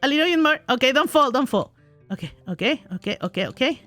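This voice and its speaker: A woman's voice: sits high, lively intonation, fast, bright, forceful tone, no echo, faint music behind. A woman commentating her own gameplay, talking to herself, giggling often and crying out when things go wrong. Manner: giggly, self-talking, exclaims in frustration. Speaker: gaming streamer.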